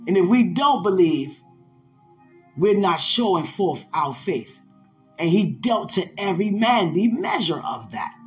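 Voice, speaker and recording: Brief: emphatic male preacher, lifted voice, soft music behind. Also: sits high, sing-song, measured pace. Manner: fervent, emphatic, laughs at times. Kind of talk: sermon-style podcast talk.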